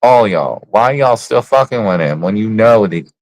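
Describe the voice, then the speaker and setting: Blunt low-voiced streamer ranting. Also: male voice, lively intonation, moderate pace, darkish tone, poor audio. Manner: blunt, profane, slangy trash talk. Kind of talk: casual livestream rant.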